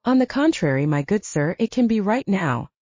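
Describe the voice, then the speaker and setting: A woman's voice: medium pitch, very animated, moderate pace, darkish tone, no room sound, lo-fi sound. A woman voicing an overly cheerful, sing-song male wandering trader who speaks formally. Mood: cheery. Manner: sing-song, much too happy, formal.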